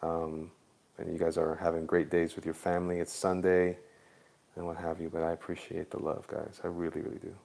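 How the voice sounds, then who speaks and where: A man's voice: deep voice, monotone, fairly quick, gravelly, a little mellow. A man in Florida chatting casually with viewers on a livestream while he draws, laid-back and jokey. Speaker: livestream artist.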